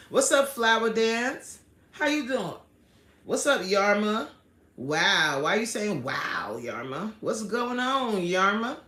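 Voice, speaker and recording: A woman hosting a casual livestream, chatting with viewers and reading out their comments in animated, slangy talk, laughing often. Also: medium pitch, takes it slowly. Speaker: livestream host. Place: indoor room at home. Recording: roomy echo.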